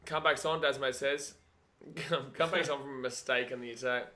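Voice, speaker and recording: A man hosting a live watch-along of a rugby league match, chatting casually and getting excitable, at times yelling at the screen. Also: medium pitch, moderate pace.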